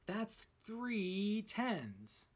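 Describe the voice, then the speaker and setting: Calm, clever young woman sleuth, a man doing her, husky tone. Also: sits high, drawn-out words, pitched above the performer's own voice, exaggerated voice.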